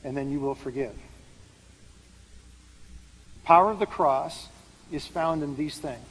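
A man's voice: fairly high pitch, moderate pace, long pauses, slightly rough. A man preaching a sermon, explaining scripture in a conversational way and putting questions to the room. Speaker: pastor. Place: large hall with an audience. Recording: hall reverb with faint background noise.

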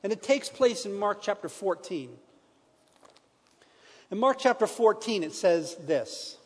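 A middle-aged man preaching a personal testimony sermon in a church, earnest, moving between hushed and emphatic. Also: high-pitched, very animated, unhurried, in a large hall.

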